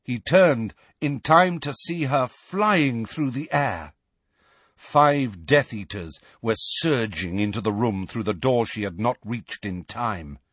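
A man narrates an audiobook in an expressive, lively voice that rises and falls with the story. His voice is slightly husky, and the recording is close and dry. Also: mid-range voice, slow pace, dry recording. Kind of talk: scripted narration.

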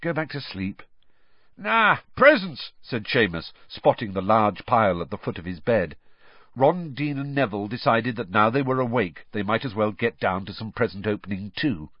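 A man narrating a storybook with expressive storytelling. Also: lowish voice, moderate pace, no room sound. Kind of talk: audiobook reading with character voices. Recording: dull dry lo-fi.

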